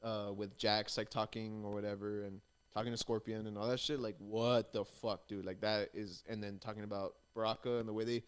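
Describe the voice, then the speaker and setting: On the low side and level in tone, a man cohosts a podcast in a brisk, clean voice with few pauses. Chatting casually about a movie, he rambles, restarts often, leans on filler words, and swears freely.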